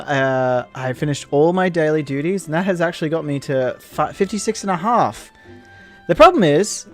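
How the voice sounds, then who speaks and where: A man casually commenting on his online game session, rambling and excited, with frequent restarts. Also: on the high side. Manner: rambling, enthusiastic, many restarts. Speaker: gaming video host. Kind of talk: casual let's-play commentary.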